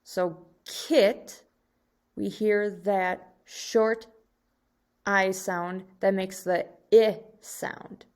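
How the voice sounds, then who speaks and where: A woman teaching second graders through a recorded slide lesson. She speaks very slowly and deliberately, pausing between short phrases. She draws out each example word, and her voice sits at a medium pitch. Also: fairly even intonation, a little mellow, smooth. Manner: slow, deliberate, drawing out example words.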